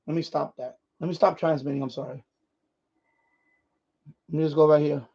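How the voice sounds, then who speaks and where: High-voiced man rambling on a dull live stream. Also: fairly even intonation, normal speed, dark tone. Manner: rambling, restarts, talks to viewers while handling gear. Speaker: ham radio livestream host. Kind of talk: casual live demonstration.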